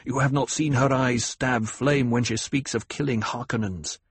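A man voicing a young noble male leader who speaks with intense, quiet command, with a husky voice. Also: mid-range voice, fairly even intonation, normal speed, no room sound. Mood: reproachful.

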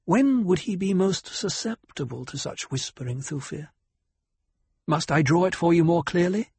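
A man voicing a cool, cutting noblewoman who lectures in a measured, calm way, with a breathy tone. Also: fairly high pitch, no room sound, pitched above the performer's own voice, exaggerated voice. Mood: cold, probing. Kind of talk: audiobook character voice.

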